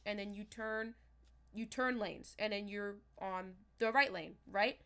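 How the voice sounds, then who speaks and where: A young woman chatting casually on a livestream as a manifestation coach, talking straight to her viewers in a loose, animated way. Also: on the high side, unhurried. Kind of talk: casual livestream talk to chat.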